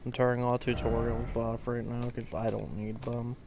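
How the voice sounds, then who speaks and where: A man's voice: medium pitch, level tone, normal speed, gravelly. Man, gaming voiceover, casual, rambling, tired, mid-range voice, faint background noise. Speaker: gaming channel host. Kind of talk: casual gameplay voiceover commentary.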